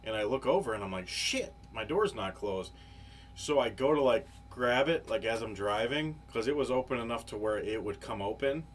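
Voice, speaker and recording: A man's voice: mid-range voice, a little fast, few pauses. A man co-hosting a podcast, telling a long, rambling, profane story in casual chat, full of fillers. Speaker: podcast co-host. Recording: live podcast, faint background noise.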